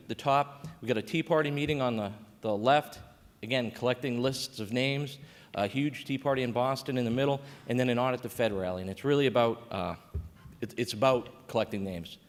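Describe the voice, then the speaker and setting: A man giving a conversational conference panel talk as a state coordinator, with frequent fillers and restarts. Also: mid-range voice. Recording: reverberant conference hall.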